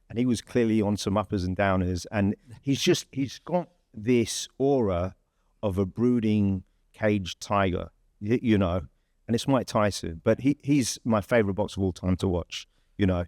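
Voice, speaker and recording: An English man with a fairly low voice tells a story in a loose, conversational way. He restarts sentences and leans on fillers as he goes. The sound is close and dry. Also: normal speed, darkish tone, no echo. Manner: chatty, rambling storyteller with many fillers and restarts. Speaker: podcast host. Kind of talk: casual anecdote telling.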